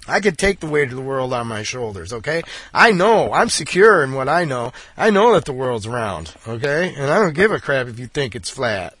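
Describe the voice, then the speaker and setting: A man's voice: mid-range voice, very animated, moderate pace, few pauses, a bit bright, husky, no echo. A man ranting in an angry, blunt monologue full of repetition and swearing. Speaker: political commentator.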